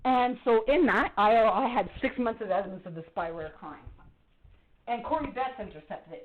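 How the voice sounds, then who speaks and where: A middle-aged woman on a phone call to police, agitated and accusatory, swearing heavily as she complains. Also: fairly high pitch. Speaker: caller reporting to police. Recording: muffled phone-call recording.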